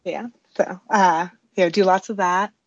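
A woman's voice: fairly low pitch, steady tone, moderate pace, dull audio. A woman baker, a guest on a radio show, talking hesitantly with many fillers and small laughs. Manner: hesitant, many ums and uhs, giggly. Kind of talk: casual interview chat.

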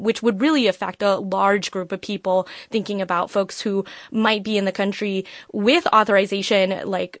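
A woman's voice: medium pitch, fairly bright tone, no room sound, clean studio sound. A woman immigration reporter explaining a legal issue on a radio news program, thorough and using fillers like "um" and "you know". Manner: thorough, with frequent fillers and restarts.

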